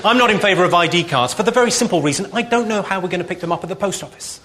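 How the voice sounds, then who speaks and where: A man rattles off dry, deadpan one-liners in a live stand-up set. His voice sits a touch high for a man. The live show recording carries loud background noise throughout. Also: rapid-fire, crowd noise. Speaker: stand-up comedian. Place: live comedy venue.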